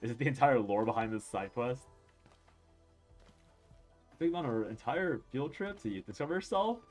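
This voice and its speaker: A sleepy man rambles through casual stream commentary, his pitch swinging widely as he jokes and swears. He laughs often and drifts off on tangents, with faint game music running underneath. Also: expressive, moderate pace. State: sleepy, yawning. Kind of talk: casual live-stream commentary while playing.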